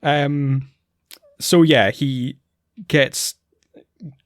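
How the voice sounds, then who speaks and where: A man's voice: fairly high pitch, fairly even intonation, very slow, no echo, clean studio sound. A man co-hosting a podcast, chatting casually and recapping plots with plenty of fillers. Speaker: podcast co-host. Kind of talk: casual chat.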